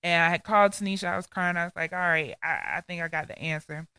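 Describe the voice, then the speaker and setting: A woman's voice: fairly low pitch, steady tone, fast, sharp tone, clean tone, no echo. A woman from Georgia, co-hosting a podcast and telling an earnest, heartfelt faith testimony. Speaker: podcast co-host.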